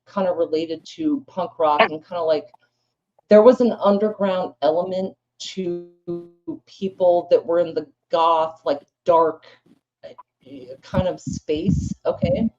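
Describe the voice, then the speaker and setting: A woman's voice: on the low side, fairly even intonation, slow pace, darkish tone, muffled recording. A woman speaking on a live panel, telling a rambling story in blunt, casual talk full of swearing. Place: live panel room with audience.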